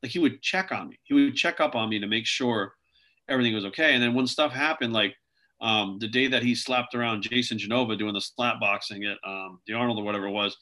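A man's voice: medium pitch, quick pace, bright, forceful tone. A man telling stories as an interview guest, rambling and filling his talk with "like" and "you know". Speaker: interview guest, video creator. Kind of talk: casual interview storytelling.

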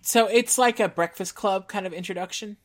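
A woman co-hosting a casual talk show, with wry, teasing reactions and frequent joking. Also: mid-range voice. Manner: wry, teasing, quick to laugh. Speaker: podcast co-host. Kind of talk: casual chat.

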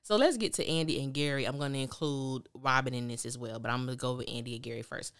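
A woman's voice: extremely low pitch, fast talker, fairly bright tone, smooth, no echo, studio quality. A woman hosting a podcast, recapping a TV drama in candid, opinionated casual talk and acting out the characters' lines. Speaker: podcast host reviewing a TV drama.

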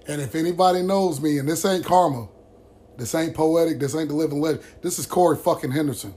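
Speaking to the camera for his vlog, a man relays a friend's story in a fairly high, mellow voice at a fairly quick clip. He's blunt and heated, and profanity runs through nearly every line.

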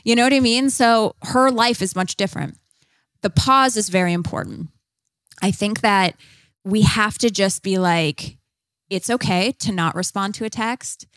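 A woman's voice: mid-range voice, a little slow, fairly bright tone, no room sound. Woman guest rambling casually on a podcast, lots of likes, dry close mic. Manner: chatty, many "like" fillers, acts out quoted lines. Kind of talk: casual conversational interview.

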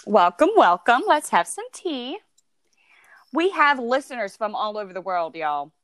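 A woman's voice: fairly high pitch, unhurried, no echo. Chatty woman podcast host, voice jumps all over, dry close mic. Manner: playful, laughs often, animated. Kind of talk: casual chat.

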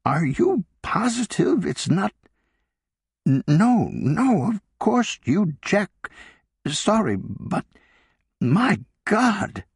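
A man's voice: high-pitched, very animated, drawn-out words, gravelly, breathy edge, no room sound, clean studio sound, pitched above the performer's own voice, exaggerated voice. A man voicing an elderly woman astronomer who sounds breathless and disbelieving. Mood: stunned.

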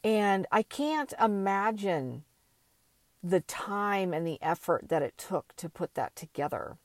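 An older woman talking slowly and thoughtfully in a reflective personal monologue, with many pauses and fillers. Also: mid-range voice, lively intonation, no room sound.

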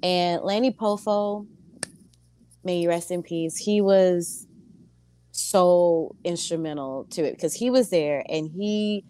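A woman's voice: slow pace, clear, resonant tone. A woman who wrestles and sings, a guest on an interview show, telling stories casually and acting out other people's voices. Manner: animated, acts out voices with big pitch jumps. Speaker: pro wrestler and singer, guest.

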